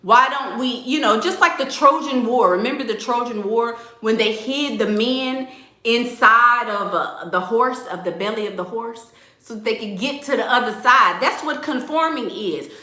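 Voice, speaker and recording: A woman dating coach talks on a livestream, blunt and playful, with a sassy edge. Her voice sits fairly high and sounds bright and forceful. The sound carries a roomy echo. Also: normal speed. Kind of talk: livestream advice talk, reading viewer comments.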